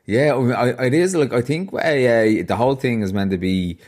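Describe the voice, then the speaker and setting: A man's voice: mid-range voice, moderate pace, a little mellow. A man with an Irish accent hosting a podcast, chatting casually and rambling through stories with lots of fillers. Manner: rambling, storytelling, many fillers. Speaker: podcast host. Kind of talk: casual interview chat.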